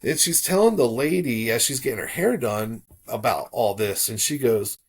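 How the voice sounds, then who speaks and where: A man's voice: medium pitch, moderate pace, vocal fry, husky. Man telling his story casually. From South Florida. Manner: relaxed, animated when quoting others. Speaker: podcast guest.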